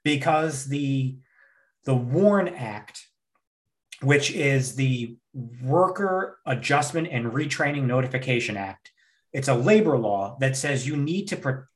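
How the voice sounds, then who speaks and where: A man's voice: mid-range voice, expressive, slow pace. A man co-hosting a podcast, ranting heatedly in casual chat with lots of swearing. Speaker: podcast co-host.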